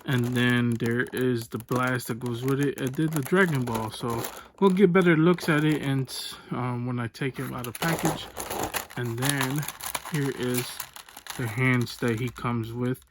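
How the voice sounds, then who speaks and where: A man from the United States hosting a casual toy unboxing vlog, rambling and relaxed, often saying "so there's that". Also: medium pitch, measured pace, background noise. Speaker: toy unboxing channel host. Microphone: phone or webcam on desk.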